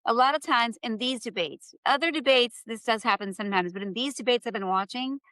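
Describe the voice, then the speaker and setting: A woman guest on a political panel, with a bright, crisp, rather high voice. She talks earnestly and thinks aloud with small fillers. The sound is close and dry. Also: a little fast, no room sound. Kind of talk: casual political discussion.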